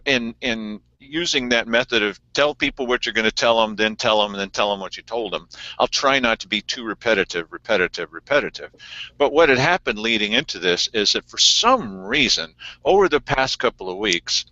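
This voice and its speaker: A man hosting a casual local news chat show, talking in an animated, sarcastic way. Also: medium pitch, dry recording. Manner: animated and sarcastic, mocking in quoted voices. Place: small editing studio. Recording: dry, dull lo-fi studio sound.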